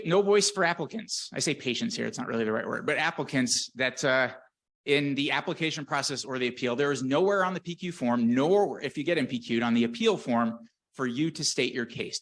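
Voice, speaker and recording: A man's voice: mid-range voice, a bit bright. A man, a research scientist, giving a conference presentation in an earnest, candid way, with fillers, restarts and wry humor. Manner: wry self-deprecating humor.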